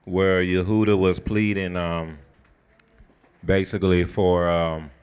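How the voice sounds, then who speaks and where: A man leading a scripture study, retelling the story in a colloquial, conversational and animated way. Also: deep voice, slow pace, smooth. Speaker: Bible study teacher. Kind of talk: casual sermon-style scripture teaching.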